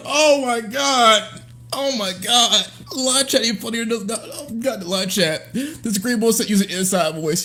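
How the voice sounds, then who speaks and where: A man's voice: very high-pitched, normal speed, sharp tone. A man livestreaming a reaction, laughing helplessly, repeating himself and calling out to his chat. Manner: addresses chat directly. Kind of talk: live stream reaction.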